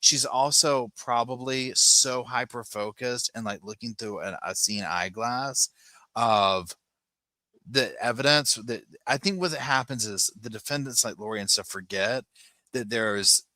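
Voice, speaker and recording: A man hosting a casual live-chat commentary, retelling events in a sassy, animated way. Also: mid-range voice, unhurried, dry recording. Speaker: host.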